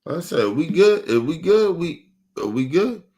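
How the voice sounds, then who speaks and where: A man hosts a casual stream, ranting heatedly and with plenty of profanity. He repeats himself and swings between loud bursts and low mutters, sounding very animated at a normal speed.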